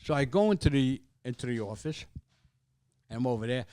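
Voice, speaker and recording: A man's voice: medium pitch, expressive, fairly quick, mellow. An older man, telling a rambling, profane story as a guest in casual chat, repeating words as he goes.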